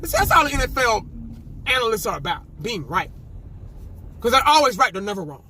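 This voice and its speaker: A man with a strikingly high voice that swings up and down as he rants. He repeats himself, turns sarcastic, and drops into mock whispers. He sits in a car, and steady background noise runs under his voice. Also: a little fast. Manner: animated, repetitive, sarcastic, mock-whispering asides. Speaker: sports fan vlogger. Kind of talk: casual fan rant to camera.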